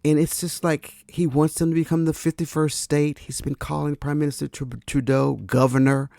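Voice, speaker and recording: A man hosts a podcast in a gravelly, mellow voice, talking casually to his listeners and calling them guys. His delivery is dry and close, with no room sound around it. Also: on the high side, little pitch movement, moderate pace, dry recording. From United States. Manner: conversational, addresses listeners as guys, asks rhetorical questions. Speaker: podcast host. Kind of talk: casual political commentary.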